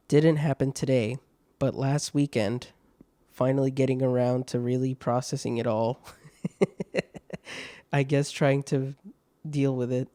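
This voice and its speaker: A man's voice: medium pitch, mellow, dry recording. A man hosting a podcast, reading online stories aloud with laughing, swearing, mocking asides. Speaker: podcast host.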